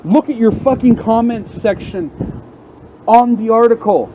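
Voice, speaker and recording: A man with a high, mellow voice rants into his phone in a heated, profane tirade. He sounds plainly angry and swears freely. A faint hum of traffic and room sound sits behind him. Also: measured pace, poor audio. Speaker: vlogger. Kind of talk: unscripted rant to camera. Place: at work, in front of a large window.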